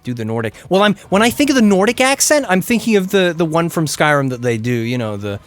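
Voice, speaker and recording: A man chatting casually to his chat while playing an action game, getting loud and excited during fights. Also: high voice, fast, dry recording, soft background music. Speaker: game streamer.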